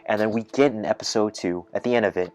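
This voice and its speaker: A man's voice: on the low side, fast talker, faint music behind. A man hosting a podcast in a casual rant, rambling with many fillers and restarts and getting worked up as he imagines things. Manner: grows excited and loud when imagining twists. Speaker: podcast host.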